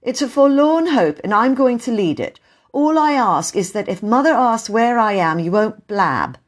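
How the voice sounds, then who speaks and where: A woman's voice: a little high, lively intonation, normal speed, voice pushed up, close to an everyday voice. A woman voicing a proud, secretive boy who talks loftily to his sisters. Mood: solemn. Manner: lofty and self-important.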